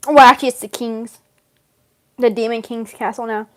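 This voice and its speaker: Giggly high-voiced young woman rambling. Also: steady tone, moderate pace. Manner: giggly, rambling, lots of fillers and laughs. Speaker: vlogger role-playing a game character. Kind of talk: casual in-character rambling.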